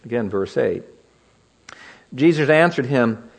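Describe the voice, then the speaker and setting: A man's voice: mid-range voice, expressive, normal speed. A man preaching an expository sermon, teaching verse by verse and asking the listeners rhetorical questions.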